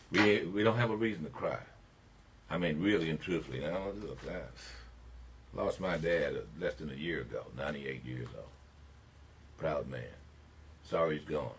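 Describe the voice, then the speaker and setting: An older man with a very low voice hosting a call-in talk radio show. He delivers his opinions like a preacher, building emphatic swells that climb toward shouting on the points he cares about. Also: slight background noise.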